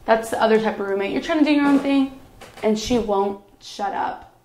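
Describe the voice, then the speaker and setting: A young woman vlogging casually about roommates as a student, animated and acting out quotes in different voices. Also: a little high, brisk. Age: young adult. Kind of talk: casual comedic vlog. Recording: roomy echo.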